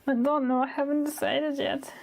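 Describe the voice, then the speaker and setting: A woman from the UK hosting a live crafting stream, talking casually and thinking aloud as she works, now and then trailing off into soft murmurs. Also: high voice, flat delivery, normal speed. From United Kingdom. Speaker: crafting livestream host.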